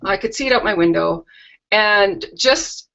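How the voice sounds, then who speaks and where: A woman's voice: mid-range voice, measured pace, gravelly, fairly bright tone. A middle-aged woman hosting a live craft stream from her home, chatting casually with homey, rambling asides. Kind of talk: casual live-stream chat and product tour. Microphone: video call webcam. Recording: lo-fi video call audio.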